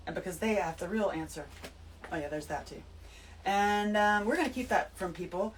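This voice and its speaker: A woman giving an emphatic, animated spiritual talk to her listeners, full of swearing. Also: mid-range voice, normal speed, distant mic, slight background noise, low-quality recording. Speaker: host. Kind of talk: spiritual monologue to camera.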